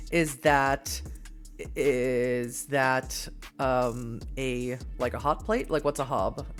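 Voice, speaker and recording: A woman's voice: a bass voice, steady tone, extremely slow, soft background music. A woman from Massachusetts reading an interactive novel aloud as a streamer, giggly and self-deprecating in her chat asides. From Massachusetts, USA.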